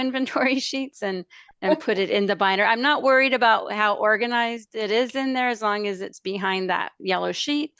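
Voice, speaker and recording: A woman's voice: medium pitch, a bit bright, clear, resonant tone, no echo. A woman language instructor talking through ideas in a webinar discussion, with many fillers and restarts, over a video call. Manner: hesitant, lots of fillers and restarts.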